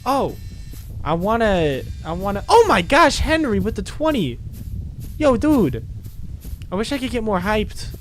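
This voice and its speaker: A man's voice: sits high, sing-song, measured pace, pauses often, slight background noise. A man chatting casually on a game livestream, rambling and apologetic, sounding tired. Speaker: game streamer.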